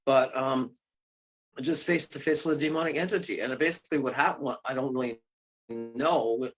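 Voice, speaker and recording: A man of ordinary pitch tells a long story as an interview guest. He rambles, restarts his sentences and breaks into excited exclamations. The recording sounds dull and lo-fi. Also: moderate pace. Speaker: guest, ghost tour guide and paranormal investigator.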